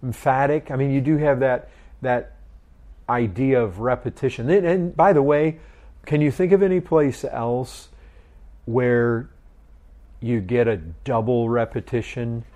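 A middle-aged man guides a group Bible study in a mid-range voice with a dark tone. He moves slowly, poses questions, and keeps repeating phrases.

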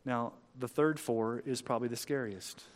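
A male pastor keeps a steady tone while preaching, though he grows loud on key lines and drops low at others. When he reads scripture, he slows down and stresses the words.

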